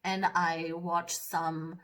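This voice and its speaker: A woman's voice: lowish voice, little pitch movement, drawn-out words, a bit bright. A woman makeup vlogger chatting casually to camera in a chatty, self-deprecating way. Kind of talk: casual vlog chat.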